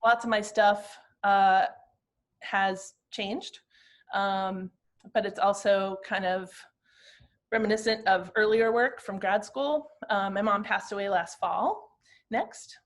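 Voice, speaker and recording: A woman in her fifties, a glass artist, talking through slides of her own work in a reflective, halting, personal way. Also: mid-range voice. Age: 50s.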